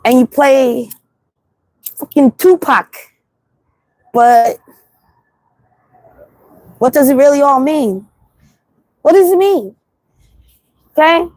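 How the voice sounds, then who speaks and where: A woman's voice: high-pitched, slow, long pauses, no room sound. A woman with a New York accent hosting a casual livestream monologue, talking bluntly and repeating herself as she tells stories. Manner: animated, blunt, repetitive storytelling. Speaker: livestream host. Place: city street at night.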